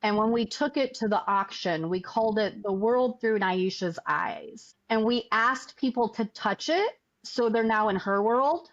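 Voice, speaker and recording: A woman artist telling a story as a podcast guest, animated, acting out what people said. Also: fairly high pitch, measured pace. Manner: animated, acts out quoted dialogue. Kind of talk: casual interview storytelling. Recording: dull lo-fi audio.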